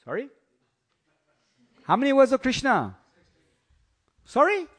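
A man giving a storytelling sermon in an animated, teasing way, often asking his listeners questions. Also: very high voice, slow, breathy edge. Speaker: preacher.

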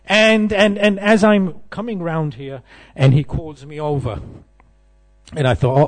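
A man's voice: a little high, slow. A middle-aged man giving a devotional class, telling humorous, self-deprecating stories. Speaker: temple speaker.

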